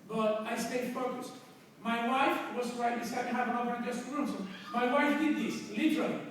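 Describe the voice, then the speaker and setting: High-voiced man telling stories in an echoey hall. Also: a little fast, background noise. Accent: Spanish. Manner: animated storyteller with sudden loud bursts. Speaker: chiropractor speaking to an audience. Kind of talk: storytelling talk to a live audience. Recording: echoey hall recorded from far off.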